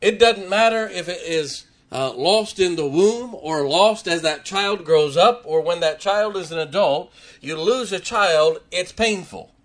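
A man's voice: sits high, unhurried, hardly any pauses. A man preaching a sermon, emphatic and repetitive, his voice rising and falling for effect. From West Virginia. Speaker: pastor.

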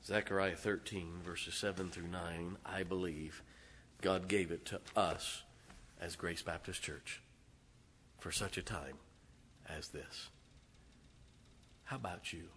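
A man preaching a sermon as pastor, emphatic and laughing between lines, swinging from loud to soft. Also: low voice, fairly even intonation, takes it slowly, long pauses, a little hiss or hum. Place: large church auditorium. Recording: long hall reverb.

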